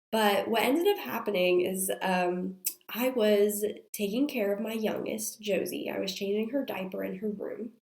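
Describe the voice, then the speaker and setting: A woman's voice: medium pitch, a little mellow. Woman host in her thirties, under the weather, confessional storyteller, recorded in an echoey room. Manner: chatty and confessional, many fillers. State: sick, strained voice. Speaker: podcast host. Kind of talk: candid storytelling monologue. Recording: roomy echo.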